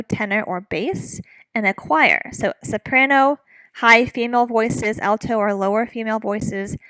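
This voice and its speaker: A woman's voice: on the high side, pushed and bright, no room sound, rough recording. A woman teaching a recorded music lecture, explaining patiently with frequent fillers. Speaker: music instructor.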